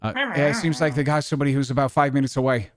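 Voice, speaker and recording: A man's voice: medium pitch, very fast, dry recording, clean studio sound. A man running a tabletop role-play game as game master, narrating in a loose, casual way with fillers.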